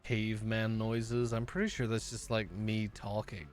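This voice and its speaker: Slow-talking playful male streamer. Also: fairly low pitch, level tone, soft background music. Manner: rambling, playful, easily sidetracked. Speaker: live streamer. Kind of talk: casual live-stream chat with viewers.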